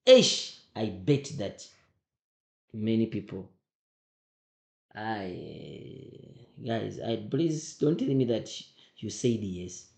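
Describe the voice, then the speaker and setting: A man's voice: on the low side, lively intonation, very slow, vocal fry, long pauses. A man teaching, going over exam answers with emphatic repetition and frequent checks that students understand. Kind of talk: exam memo walkthrough lesson. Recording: echoey room.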